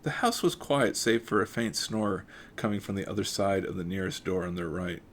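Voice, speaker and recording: A man reading a mystery novel aloud at an even pace, with occasional stumbles and self-corrections and casual asides. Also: deep voice, moderate pace, slight background noise. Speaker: audiobook reader.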